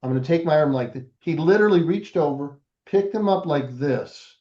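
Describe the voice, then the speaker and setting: A man's voice: fairly high pitch, expressive, fairly quick, mellow, lo-fi sound. An older man, a podcast guest, telling a family story in a casual interview and acting out the voices of the people in it.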